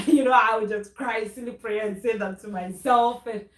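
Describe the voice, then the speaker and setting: A woman's voice: on the high side, normal speed, hardly any pauses, echoey room, poor audio. A woman from Ghana talking casually in a faith-based vlog, earnest and preachy, with frequent laughs and restarts. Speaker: vlogger.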